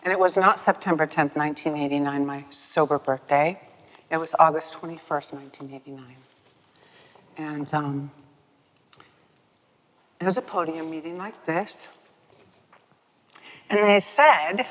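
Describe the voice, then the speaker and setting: An older woman speaking at a recovery meeting, telling her story in a lively, self-mocking way and laughing often. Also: low-pitched, a little slow, long pauses. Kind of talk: personal storytelling talk. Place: meeting hall with podium. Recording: dull, echoey hall recording.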